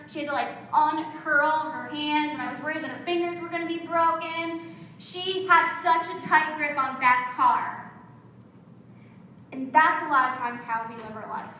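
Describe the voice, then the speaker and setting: Woman pastor, high and bright, lively storyteller, very echoey sanctuary sound. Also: moderate pace, recorded from a distance, slight background noise. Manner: lively storytelling, acts out quotes. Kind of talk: sermon. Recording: very echoey hall.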